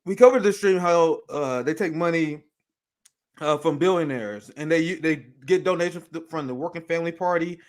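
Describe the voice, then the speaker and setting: A man's voice: a little high, moderate pace. A man co-hosting a political talk show, speaking bluntly and profanely, often laughing and stammering through restarts. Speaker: political podcast co-host.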